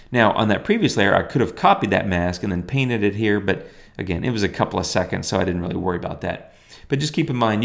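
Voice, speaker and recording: A middle-aged man explaining his photo editing steps in a relaxed, thinking-aloud way, with fillers and restarts. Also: on the low side. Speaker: photography tutor. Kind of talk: screen-recorded editing tutorial.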